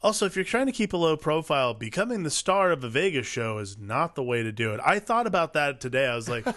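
A man's voice: fairly high pitch, big pitch swings, quick pace, a bit bright, no echo, studio quality. A man co-hosting a casual film podcast, talking in a wry, sardonic way. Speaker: podcast co-host.

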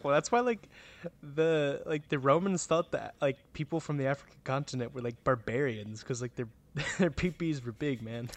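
A man's voice: mid-range voice, moderate pace. Male podcast co-host, mid-range voice, jokey, lots of "like". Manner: loose, joking, filler-heavy. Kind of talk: casual chat.

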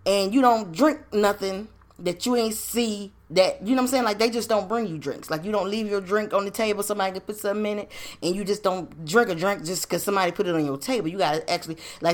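A woman's voice: mid-range voice, quick pace. A woman hosting a podcast, telling a personal story in casual, slangy, profane talk full of rhetorical questions. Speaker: podcast host.

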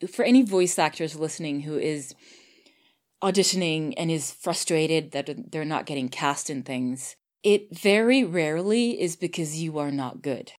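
A woman audio drama producer and voice actor in casual conversation. Her voice sits a little low, and she thinks aloud with fillers and restarts. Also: moderate pace, darkish tone. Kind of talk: casual chat.

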